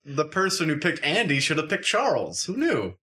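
A man co-hosting a comedy podcast with lively, jokey banter. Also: fairly high pitch, moderate pace. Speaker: podcast co-host.

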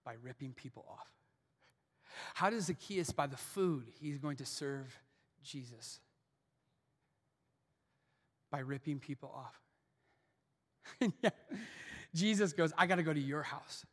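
Male pastor, high bright voice, dramatic hushed-to-shouting sermon, long church-hall reverb. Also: animated, measured pace, long pauses. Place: church auditorium.

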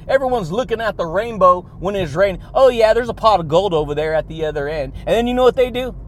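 A man hosting a motivational podcast, hyped and energetic, laughing between phrases and calling his listeners buddy and baby. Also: sits high, slight background noise. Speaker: podcast host. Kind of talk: motivational monologue.

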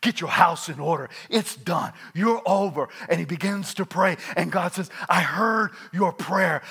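A male pastor delivering a sermon in a high, bright voice. He moves from hushed asides to loud, fervent outbursts and keeps the congregation engaged. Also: a little slow, vocal fry, few pauses, husky. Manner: animated, swings from quiet asides to loud exclamations.

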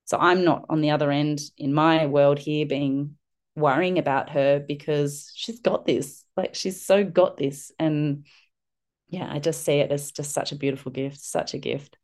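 A woman's voice: low-pitched, fairly even intonation, measured pace, a little mellow. A middle-aged woman, a podcast guest and parenting mentor, telling an earnest story with frequent fillers and restarts. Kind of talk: reflective conversational storytelling.

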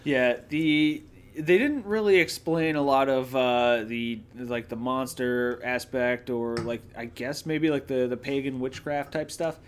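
A man co-hosting a casual movie podcast at an ordinary middle pitch. He is easygoing and agreeable, often halting on "uh" and "like" before he finishes a thought. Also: fairly even intonation. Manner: easygoing, agreeable, hesitant with many fillers. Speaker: podcast co-host. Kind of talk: casual movie review chat.

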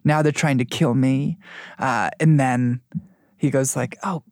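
A man in a casual faith discussion, retelling a scripture story with lively acted-out quotes. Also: medium pitch, measured pace, dry recording, studio quality.

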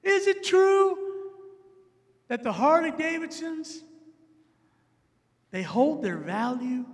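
A bubbly, chirpy young woman bursting with cheer, as a male preacher puts her on. The voice sits very high and rings out with a long hall echo. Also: takes it slowly, full character voice. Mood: eager. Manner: excited and chirpy.

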